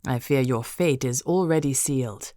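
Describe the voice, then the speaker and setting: A woman voicing a cold, predatory male vampire count who speaks softly and menacingly. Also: a bass voice, dry recording, clean studio sound, pitched below the performer's own voice. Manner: soft, dangerous, slow voice.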